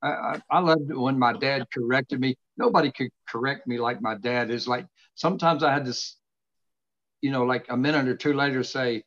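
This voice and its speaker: A middle-aged man hosting a casual faith conversation, earnestly expounding scripture with slow, emphatic stresses from his home study. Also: medium pitch, fairly bright tone. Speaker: host. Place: home study with books behind him. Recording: dull lo-fi sound.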